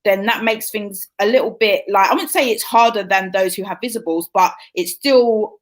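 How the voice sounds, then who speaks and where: A woman's voice: mid-range voice, moderate pace. A woman talk show host chatting casually and supportively with her guest. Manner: supportive, affirming. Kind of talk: casual interview chat.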